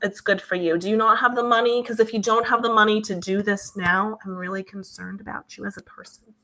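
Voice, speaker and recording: A woman voicing a doting, nagging middle-aged mother in a high, sing-song tone. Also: steady tone, brisk, sharp tone, rough recording. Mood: fussing.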